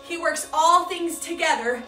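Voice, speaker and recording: Bright high-voiced woman coaching a workout. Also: unhurried. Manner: energetic, encouraging countdown coaching; earnest, heartfelt teaching. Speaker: fitness instructor and Bible teacher. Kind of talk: live workout coaching and faith teaching. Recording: echoey room, voice from a distance, faint music.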